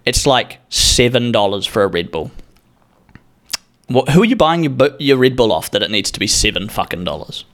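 A man's voice: medium pitch, very animated, moderate pace, a bit bright. Sweary young New Zealand man rambling. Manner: sweary, self-mocking, rambling. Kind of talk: rambling comic storytelling.

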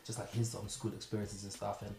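A man's voice: lowish voice, brisk, vocal fry. Man from Zimbabwe, roomy podcast chat. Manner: animated storytelling, then earnest and reflective. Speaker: podcast host. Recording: roomy echo.

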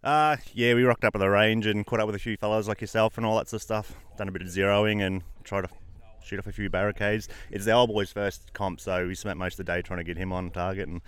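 Male competitor, matter-of-fact, relaxed delivery. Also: lowish voice, fast talker, clean tone. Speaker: shooting competitor. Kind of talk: casual interview answers.

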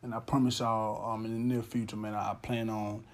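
A man's voice: lowish voice, little pitch movement, a little fast. A young man hosting a podcast, telling a heartfelt story in a loose, earnest monologue that often restarts its sentences. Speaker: podcast host. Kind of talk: casual monologue.

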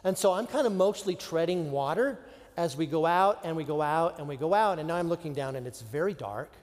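A man's voice: fairly high pitch, fairly quick. A middle-aged man from Florida preaching a sermon, telling a personal story and acting out his own panicked thoughts. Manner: animated, acts out his own panic in quoted asides. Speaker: pastor. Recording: long reverb of a large hall.

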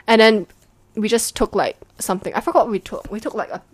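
A woman's voice: medium pitch, quick pace, husky, dry recording. Teasing young woman. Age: young adult. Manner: teasing, playful, laid-back. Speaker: podcast co-host. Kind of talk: casual chat between friends.

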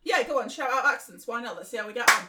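A woman's voice: fairly high pitch, animated, fast talker, bright, forceful tone, slight background noise. A woman with a mild northern English accent, bantering and self-mocking in a comedy podcast. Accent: mildly northern English. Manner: self-mocking, laughs often. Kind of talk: casual banter.

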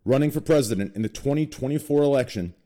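A young man hosting a group podcast, joking crudely and dropping to a quiet murmur when he introduces guests. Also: medium pitch, fast. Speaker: podcast host. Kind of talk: casual group podcast chat.

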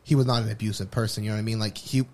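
A man's voice: fairly low pitch, fairly even intonation, racing. A man co-hosting a podcast, telling a personal story in a candid, rambling way full of restarts. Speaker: podcast co-host. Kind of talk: casual personal chat.

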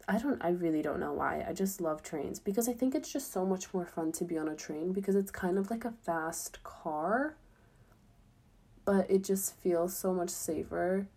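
A woman's voice: mid-range voice, dark tone. A young woman, chatting casually in a vlog, full of fillers and upbeat. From United States. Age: young adult. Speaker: student abroad.

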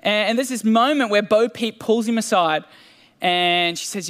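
A man's voice: high-pitched, moderate pace, fairly bright tone. A man preaching a sermon in a casual, self-deprecating way, with fillers and restarts. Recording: long hall reverb.

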